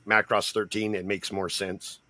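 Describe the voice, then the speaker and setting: A man's voice: fairly low pitch, little pitch movement, unhurried, sharp tone. A man chatting casually on a live show, enthusiastic and often laughing. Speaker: toy show panelist.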